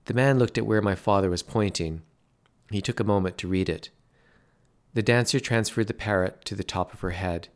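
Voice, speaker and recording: A man narrating a story in a measured, dry way. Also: on the low side.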